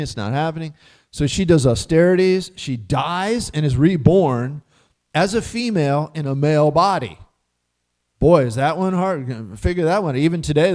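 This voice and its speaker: A man giving a casual scripture class, telling stories with animated rhetorical questions and frequent chuckles. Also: a little high.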